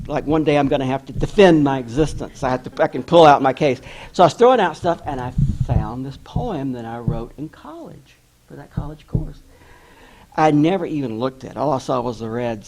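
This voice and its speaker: A middle-aged man with a somewhat high voice tells his own life story to an audience. He is candid and self-deprecating and acts out the people he quotes. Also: a little mellow, low-quality recording. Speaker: author giving an address. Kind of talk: personal storytelling speech.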